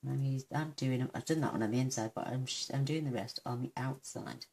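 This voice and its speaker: A woman from the United Kingdom demonstrating card making, soft-spoken and mumbling to herself, gushing over her work. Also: extremely low pitch, fairly quick, gravelly, breathy edge. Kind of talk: crafting tutorial.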